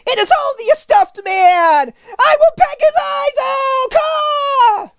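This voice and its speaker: A man's voice: extremely high pitch, expressive, slow pace, raised voice, heavy background noise, voice pushed up, heavily acted. A man voicing a fierce male king crow in an audiobook, cawing and shrieking. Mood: screeching. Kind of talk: audiobook character voice.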